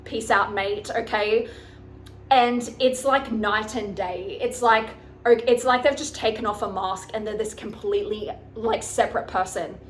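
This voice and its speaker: A woman's voice: a little high, measured pace, a little hiss or hum. Frank, chatty woman life coach. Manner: frank and chatty, swears casually, keeps checking in with "okay, guys?". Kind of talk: casual advice vlog.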